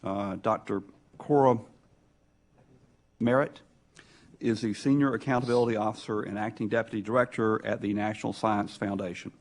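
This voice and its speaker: Low gravelly-voiced chairman. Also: fairly even intonation. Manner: halting, loose, with many hesitations. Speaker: subcommittee chairman. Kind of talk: chairing a hearing.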